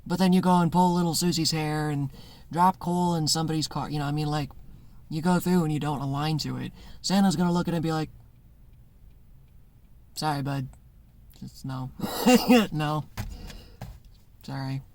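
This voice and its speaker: A man with a fairly high voice talks loosely to camera from his notes. He rambles in a conversational way. He acts out short voices inside his stories and laughs often. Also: steady tone, a little fast, a little mellow. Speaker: spiritual content creator. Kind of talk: casual monologue.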